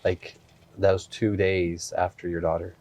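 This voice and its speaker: Casting: man with a very low voice, relaxed reflective podcast host. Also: unhurried. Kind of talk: podcast interview.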